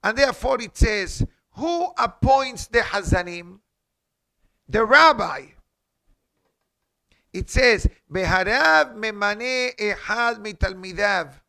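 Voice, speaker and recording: A man with a high, creaky, pushed and bright voice speaks slowly and expressively while giving a halakha class as a rabbi in a synagogue. He teaches emphatically, quoting Hebrew and posing rhetorical questions.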